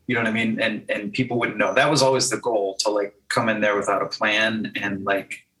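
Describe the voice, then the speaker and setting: A man's voice: on the low side, flat delivery, fairly quick, pushed and bright, low-quality recording. A man talking casually as a guest musician in an interview, loose and teasing, with lots of "like" fillers. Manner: laughing, teasing, filler-heavy with "like".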